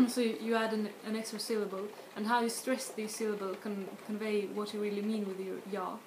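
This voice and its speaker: A woman from Sweden, giving a casual video language lesson and explaining slowly with frequent restarts and spoken examples. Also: mid-range voice, level tone. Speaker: language tutor. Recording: echoey room with faint noise.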